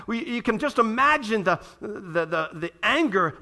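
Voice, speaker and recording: A man delivers a sermon in a church room, speaking in a high voice with a bright, forceful ring. He keeps his delivery animated and keeps turning questions back to the congregation. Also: normal speed, few pauses. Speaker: pastor.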